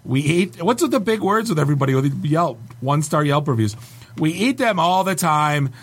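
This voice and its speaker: A man from Canada hosting a casual comedy chat, reading online reviews aloud with wry, deadpan asides. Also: a little high, brisk, husky. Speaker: podcast host.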